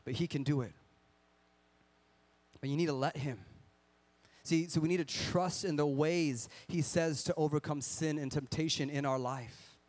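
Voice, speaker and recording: A man's voice: a little high, moderate pace, long pauses, a little mellow. A man preaching a sermon in an earnest, conversational way, asking rhetorical questions and acting out people's excuses. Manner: acts out excuses in a whiny voice.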